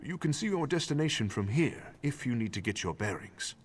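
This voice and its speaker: An actor voicing a calm, scheming male ally in a video game, measured and commanding. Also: mid-range voice, slightly rough.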